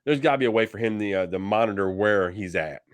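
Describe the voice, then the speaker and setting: A man co-hosting a casual TV reaction podcast, animated, laughing and acting out characters' lines. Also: fairly low pitch, fast talker, dry recording. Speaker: podcast co-host. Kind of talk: casual TV episode recap chat.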